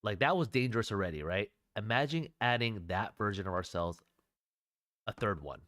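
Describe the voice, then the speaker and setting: A man's voice: lowish voice, animated, moderate pace, a bit bright. A man co-hosting a casual livestream show, rambling, often talking to chat and laughing. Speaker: podcast co-host.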